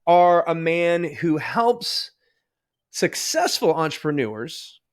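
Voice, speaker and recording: Man, podcast host, chatty, quick to laugh, slightly higher voice, casual interview. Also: very animated, clear, resonant tone. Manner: chatty, laughs easily, self-deprecating.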